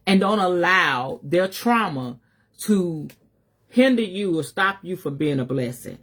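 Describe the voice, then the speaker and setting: A woman's voice: mid-range voice, a bit bright. A middle-aged woman, a spiritual advisor giving a fiery, emphatic live message with a preacher's cadence, speaking in African American Vernacular English and swearing freely.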